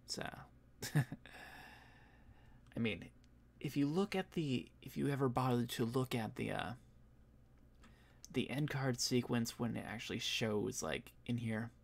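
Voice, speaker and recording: Slow, gravelly man rambling casually. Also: medium pitch. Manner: rambling, with many fillers and soft laughs. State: yawning, a bit tired. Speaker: voice actor and streamer. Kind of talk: casual stream chat.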